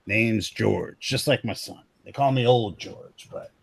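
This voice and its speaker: A man's voice: lowish voice, unhurried, gravelly, slightly rough, heavily acted. A man voicing a chatty old male barfly with a put-on American rural drawl. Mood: folksy.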